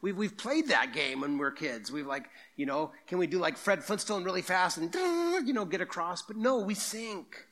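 A man preaching a sermon to his congregation with a bright, forceful tone. His delivery is conversational, with quick asides to the people in the pews. He reads scripture aloud between points. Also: high voice, big pitch swings. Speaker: pastor.

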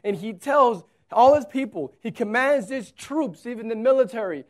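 A pastor preaching a sermon, swinging from loud urgency to hushed storytelling and asking listeners to imagine the scene. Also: mid-range voice, lively intonation, normal speed, hardly any pauses.

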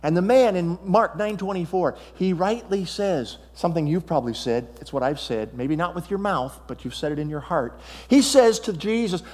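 Man, pastor, animated sermon, questions to the congregation, long church reverb. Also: high-pitched. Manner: animated preaching, acts out Bible dialogue, asks the crowd questions. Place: church sanctuary.

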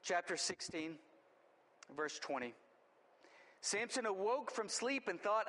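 A man delivers a sermon in a high, earnest voice, talking through scripture as if chatting with his congregation. He stumbles and restarts now and then. The sound carries a long hall reverb. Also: expressive, slow pace, long pauses, sharp tone. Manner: earnest, conversational preaching with repeated restarts. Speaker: pastor.

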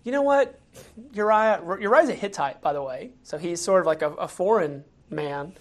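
A man's voice: fairly high pitch, moderate pace. Conversational male preacher. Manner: conversational, acts out quotes in raised voices, many fillers. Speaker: pastor. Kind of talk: casual sermon retelling a Bible story.

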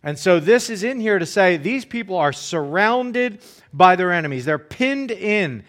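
A man's voice: high voice, animated, measured pace, a bit bright. A man preaching a sermon, speaking conversationally and often checking in with "right?", now and then briefly acting out the enemies' jeering words. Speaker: pastor.

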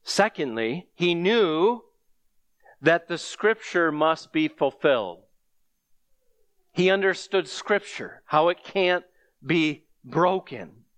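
A man's voice: fairly high pitch, lively intonation, takes it slowly, fairly bright tone, dry recording. A man preaching a sermon with earnest delivery, reading scripture aloud to his congregation.

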